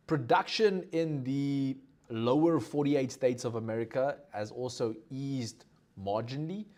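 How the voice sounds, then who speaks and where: A man's voice: mid-range voice, darkish tone. South African man giving live market commentary. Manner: conversational, lots of fillers, asks viewers for comments. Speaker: market analyst host.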